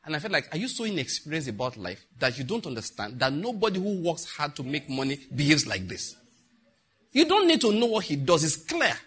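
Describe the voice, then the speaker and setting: A middle-aged Nigerian man with a fairly high, slightly rough voice tells funny stories and offers advice to young people. He's a lively storyteller who laughs often and slips in preachy asides, keeping the talk animated.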